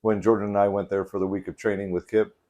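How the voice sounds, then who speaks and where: Man podcast co-host, lowish voice, measured and earnest. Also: flat delivery, dark tone. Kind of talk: casual chat.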